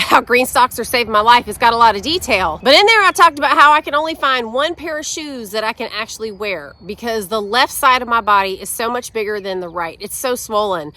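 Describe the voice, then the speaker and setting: A woman's voice: fairly high pitch, bright, forceful tone, dry recording. A middle-aged woman, talking casually to camera while out of breath from yard work outdoors. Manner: chatty, folksy, addresses viewers as y'all. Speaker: gardening vlogger.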